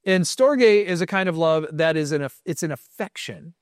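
A middle-aged American man preaching from the front in a relaxed, story-driven way. His voice sits a little higher than most men's and is recorded dry and close, with little room sound. He punctuates his points with quick affirmations. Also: no echo. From United States. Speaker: congregation leader. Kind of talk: sermon.

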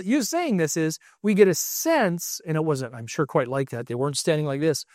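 A middle-aged man delivers a sermon with animated energy, stumbling and repeating words as he teaches. His voice sits high for a man. The sound is dry and close, with no room echo. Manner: animated, restarts and repeats words, raises voice for quotes.

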